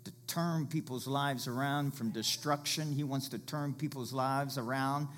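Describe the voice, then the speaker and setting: A man's voice: mid-range voice, fairly even intonation, unhurried, slight background noise. Male pastor, conversational sermon delivery, mid-range voice, bursts of volume. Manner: conversational preaching with illustrations, rises to loud calls.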